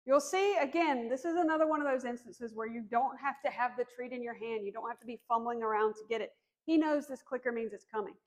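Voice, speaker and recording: A woman dog trainer calmly explaining commands during a demonstration, encouraging and firm on cues. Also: fairly high pitch, fast. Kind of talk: instructional demonstration.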